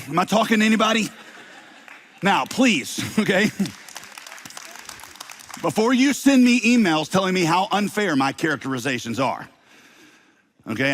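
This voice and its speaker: Male pastor, middle-aged, slight Southern accent, higher-pitched voice, lively sermon delivery with jokes. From Southern United States. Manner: lively preaching with playful asides.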